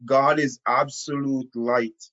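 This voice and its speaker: Slow, emphatic male Bible teacher. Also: mid-range voice, fairly even intonation, a bit bright, highs cut off. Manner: slow, emphatic, repeats key phrases. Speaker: preacher. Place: indoor room. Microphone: camera.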